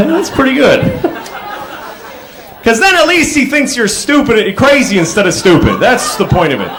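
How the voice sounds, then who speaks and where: A man performs a stand-up set in a live club, his voice pitched high and swinging widely as he tells rambling everyday stories. He breaks into abrupt shouted character bits. Audience laughter comes through the live recording. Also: very animated, moderate pace, some chatter behind. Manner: conversational storytelling with sudden shouted character bits. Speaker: stand-up comedian. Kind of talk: stand-up comedy routine.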